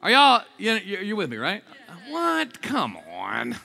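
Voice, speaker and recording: A man preaching an energetic sermon, joking with the crowd and swinging between low asides and shouted exclamations. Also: slow pace, creaky. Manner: jokey, asks the crowd for responses.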